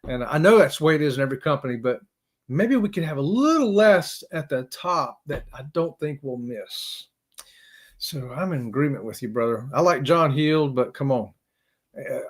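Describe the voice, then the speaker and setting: Chatty man hosting a live stream. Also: a little high. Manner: rambling, chuckling, talks to viewers by name. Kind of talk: casual live-stream chat.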